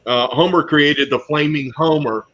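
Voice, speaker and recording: A man's voice: a little high, steady tone, normal speed, bright, forceful tone. Musing man moderating a panel. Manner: musing, with frequent ums. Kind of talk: casual panel discussion.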